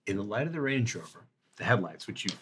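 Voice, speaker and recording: A man with a fairly low voice runs a tabletop role-playing game as its storyteller. He narrates the scene and questions the players in a measured way. Faint noise sits behind him. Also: very animated, fairly bright tone.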